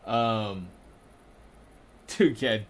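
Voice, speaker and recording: A man's voice: fairly low pitch, very slow, slight background noise. A young man casually commenting on a stream, rambling, swearing and often breaking into laughter. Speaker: streamer ranking comedians.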